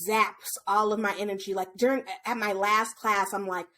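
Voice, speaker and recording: A woman yoga teacher chatting as a podcast guest, telling animated stories, acting out the children's voices and swearing freely. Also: normal speed. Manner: animated storytelling, acts out kids in high voices, swears freely. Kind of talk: casual podcast chat.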